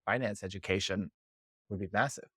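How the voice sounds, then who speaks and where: Man, podcast host, chatty and encouraging, low voice, dry sound. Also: brisk, pushed and bright, slightly rough, no echo. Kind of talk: casual interview talk.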